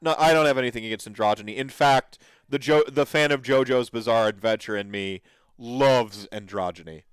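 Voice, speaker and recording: A man's voice: mid-range voice, brisk, clear, resonant tone, no echo. A man hosting a podcast, reacting to videos in an enthusiastic, rambling way with lots of fillers. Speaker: podcast host. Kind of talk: casual commentary reacting to videos.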